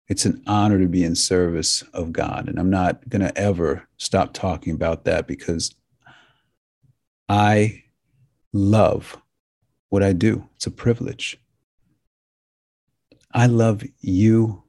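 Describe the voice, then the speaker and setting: A man hosting a talk show, speaking earnestly and emotionally to his listeners, halting and restarting as he goes. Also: deep voice, a little mellow, no room sound, studio quality. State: tearing up. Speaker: podcast host. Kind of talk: heartfelt monologue to listeners.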